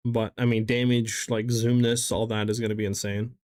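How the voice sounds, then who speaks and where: A man's voice: medium pitch, level tone, normal speed, a little mellow, no room sound, studio quality. A man streaming a game live, chatting casually in a rambling way with lots of fillers as he answers chat.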